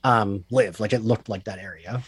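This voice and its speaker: A man co-hosting a film podcast, chatty and animated, slipping into quoted voices. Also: on the low side, moderate pace, husky. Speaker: podcast co-host. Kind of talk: casual film review chat.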